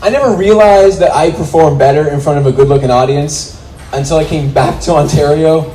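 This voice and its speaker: A man's voice: a little high, fairly quick. A man in his twenties performing a stand-up comedy set on a club stage, acting out the voices in his stories. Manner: animated, acts out voices in quotes. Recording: roomy club with faint noise.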